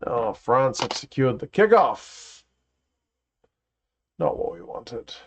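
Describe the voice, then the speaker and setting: A man's voice: medium pitch, big pitch swings, slow pace. A man hosting a casual live watch-along, reacting to play and chatting with viewers. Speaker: livestream host. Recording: dull lo-fi stream audio.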